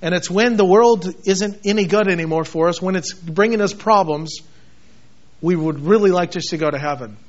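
A high-pitched male pastor delivers a sermon, his voice leaping from shouted emphasis to hushed, low intensity. The recording sounds dull and lo-fi. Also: moderate pace. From United States. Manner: dramatic, shifts between shouting and quiet intensity.

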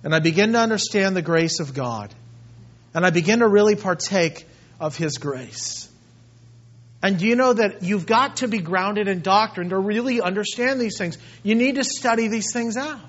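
Man preaching, very high voice, impassioned, hushed to loud, dull lo-fi recording. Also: animated, moderate pace. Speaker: pastor. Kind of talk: sermon.

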